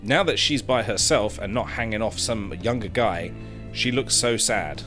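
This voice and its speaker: A man commentating a dating game, reading its text aloud with sarcastic, animated asides, his throat hoarse. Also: on the low side, moderate pace, faint music behind. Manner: animated, sarcastic, swears freely. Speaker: gaming streamer.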